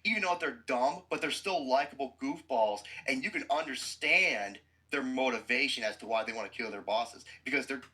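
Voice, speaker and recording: A man's voice: mid-range voice, normal speed, few pauses, sharp tone, rough recording. A man hosting a podcast who gives a blunt, profane movie review with explosive outbursts.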